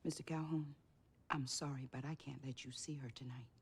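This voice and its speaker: An actress playing a middle-aged care-home nurse who speaks in a soothing, firm way. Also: female voice, very deep voice, steady tone, brisk, slightly rough, exaggerated voice.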